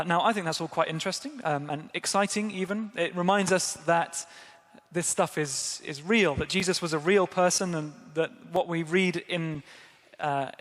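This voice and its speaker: A man's voice: fairly high pitch, a bit bright, in a large hall. A man preaching a sermon at a church service, conversational and self-deprecating, talking directly to his congregation.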